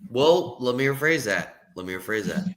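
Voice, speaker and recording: A man in a casual stream chat, explaining his point deliberately and restarting his sentences as he goes. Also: medium pitch, sing-song, fairly bright tone.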